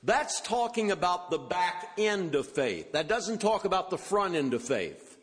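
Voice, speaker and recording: Male preacher, slightly high voice, expository sermon in a reverberant hall. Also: very animated, a little slow. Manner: expository, quotes scripture with rising emphasis.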